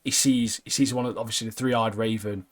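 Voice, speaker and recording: A man's voice: lowish voice, fairly even intonation, brisk. A young man, co-hosting a podcast, chatting casually, laughing often and saying "mate" a lot. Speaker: podcast co-host. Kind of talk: casual chat.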